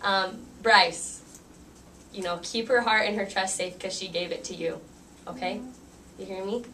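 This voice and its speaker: A woman's voice: medium pitch, fairly even intonation, unhurried, bright, forceful tone. A young woman giving a wedding toast, telling stories in a chatty, giggly way full of likes and restarts. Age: young adult. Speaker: maid of honor giving a wedding speech. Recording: distant mic with faint room noise.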